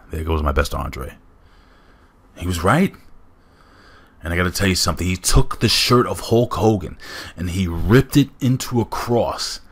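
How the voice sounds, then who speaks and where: A man hosting a casual countdown commentary, talking enthusiastically and straight to his viewers. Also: on the low side. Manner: enthusiastic, addresses viewers directly. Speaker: host.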